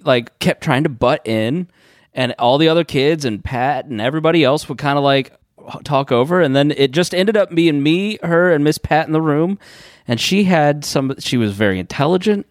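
Man, easygoing, casual podcast chat, lively intonation, dry sound. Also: fairly high pitch, normal speed, dry recording. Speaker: podcast co-host.

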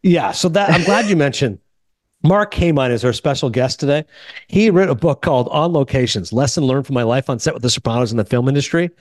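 Man, podcast host, rapid animated storytelling, lively swooping pitch, dry close sound. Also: dry recording. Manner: fast, animated storytelling with quoted voices. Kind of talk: casual movie podcast chat.

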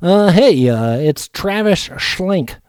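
A man's voice: high voice, animated, takes it slowly, a little mellow, clean tone, dry recording, studio quality, voice pushed up. A man voicing an upbeat, joking team executive on a mock trade call. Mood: cheerful.

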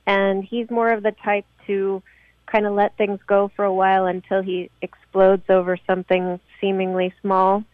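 A woman's voice: medium pitch, flat delivery, moderate pace, dry recording. Woman, phone-in caller, tinny phone line, dry sound, hesitant with ums. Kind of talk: phone-in call.

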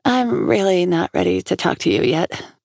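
A woman's voice: fairly low pitch, animated, moderate pace, gravelly, a little mellow, dry recording, studio quality, voice pushed up, heavily acted. A woman voicing a frustrated young woman who speaks bluntly and heatedly. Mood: cold. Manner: heated, rising voice.

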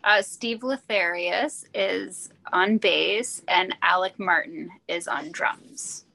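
Bright, giggly woman musician. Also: on the low side, gravelly, rough recording. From Wisconsin, US. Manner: giggly, quick-witted, playful. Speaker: band musician, podcast guest. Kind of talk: casual interview chat.

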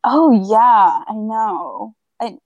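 A woman's voice: a little high, lively intonation, drawn-out words, darkish tone, dry recording, highs cut off. A woman guest on a podcast chatting casually, agreeing and sometimes stumbling over her words. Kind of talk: casual chat.

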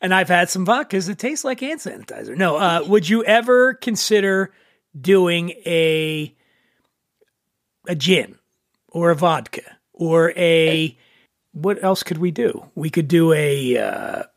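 A man's voice: a little high, sing-song, slow pace, creaky, no echo. Philly guy hosting a whiskey chat, jokey, trips over his words a bit, dry mic. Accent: Philadelphia. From Philadelphia. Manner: chatty, joking, many restarts. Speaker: podcast host. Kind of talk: casual whiskey tasting chat.

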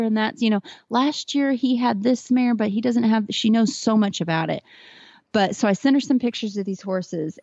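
A woman's voice: on the low side, a little mellow, dry recording. Earnest, chatty woman on a dull recording. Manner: earnest, chatty, tearing up at moments. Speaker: podcast guest, horse trainer. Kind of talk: casual podcast conversation.

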